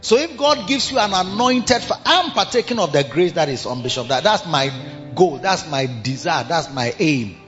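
At a church service, a man preaches a sermon as pastor, speaking emphatically and posing many rhetorical questions to the congregation. His fairly high, slightly bright voice is animated at a moderate pace, heard through dull, long church reverb with music.

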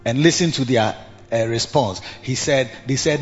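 A man preaching a sermon, reading scripture in a slow King James cadence and rising in pitch when he repeats phrases for emphasis. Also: faint music behind. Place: church hall. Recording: muffled church recording, long hall reverb.

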